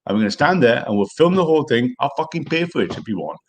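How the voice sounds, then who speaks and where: A man's voice: mid-range voice, lively intonation, very fast. A male host reacting to a clip, ranting sarcastically with frequent swearing. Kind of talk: angry reaction commentary.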